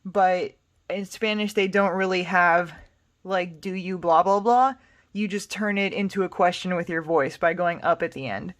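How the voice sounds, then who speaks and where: A woman's voice: fairly low pitch, moderate pace, fairly bright tone, no echo. A woman, an English speaker, teaching a recorded Spanish lesson patiently, step by step, with casual asides. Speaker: Spanish tutor.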